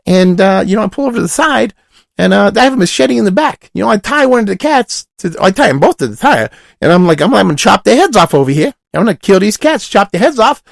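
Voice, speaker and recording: A man voicing a raspy, burnt-out party guy who rambles with fillers and asides in a comic monologue. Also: sits high, very animated, quick pace, no echo, clean studio sound, full character voice. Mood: rambling.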